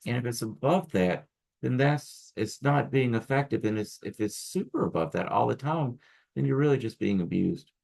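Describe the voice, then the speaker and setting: Gravelly-voiced man giving a casual lecture. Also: mid-range voice, animated, normal speed, a little mellow. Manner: casual, rambling with restarts and asides. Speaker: acupuncture instructor. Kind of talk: recorded lecture.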